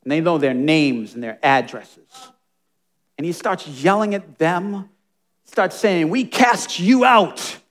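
A man preaching a sermon with passion, dropping to hushed asides and rising to emphatic, near-shouted points. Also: fairly high pitch, slow pace. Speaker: pastor.

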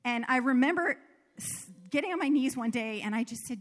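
A woman's voice: high-pitched, animated, fairly quick, big-room sound. A woman from the American South preaching a sermon, telling personal stories in an earnest way and laughing at herself.

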